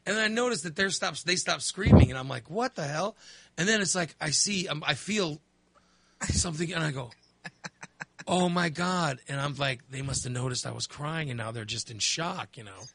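A middle-aged man chatting casually, telling a story with lively acted-out reactions. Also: a little high, a little fast, creaky, slightly rough, no echo. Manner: animated storyteller, acts out his own reactions. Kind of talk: casual chat.

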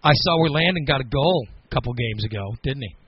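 A man's voice: mid-range voice, animated, fast, husky, muffled recording. A man from the United States hosting a call-in radio show, teasing his co-host in rambling, casual banter.

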